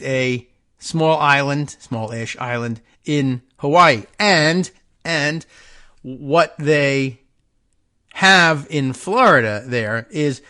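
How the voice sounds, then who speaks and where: A man's voice: mid-range voice, sharp tone. A man hosting a talk show, thinking aloud in a casual, rambling monologue, wry and self-mocking as he wanders off topic. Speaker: radio show host.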